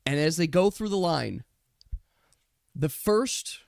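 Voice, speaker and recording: Male GM, fairly high voice, slow narration, dry close sound. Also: lively intonation, vocal fry, darkish tone, dry recording. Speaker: game master. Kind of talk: narrating a tabletop game.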